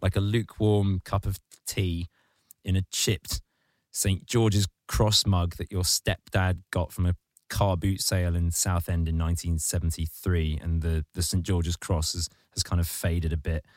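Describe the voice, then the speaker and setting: A man hosting a podcast, ranting comedically in casual chat and jumping into mocking high squeaky voices. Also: little pitch movement, a little slow, no echo, studio quality. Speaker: podcast host.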